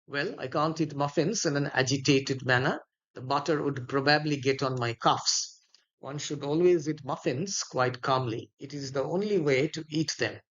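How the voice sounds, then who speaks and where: Algernon, a man reading a flippant young gentleman. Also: mid-range voice, moderate pace, highs cut off, lightly acted. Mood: airy, flippant. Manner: plain read-aloud delivery, little voicing.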